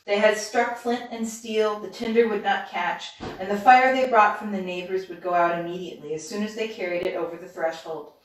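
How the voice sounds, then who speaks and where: A woman reading a fairy tale aloud as a bedtime story in steady, even narration. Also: mid-range voice, fairly quick, few pauses. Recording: roomy, distant mic.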